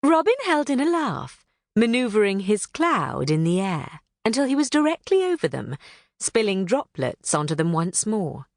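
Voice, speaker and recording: Animated woman narrating a children's book. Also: medium pitch, normal speed, creaky, no echo, clean studio sound. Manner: animated, storytelling. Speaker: audiobook narrator.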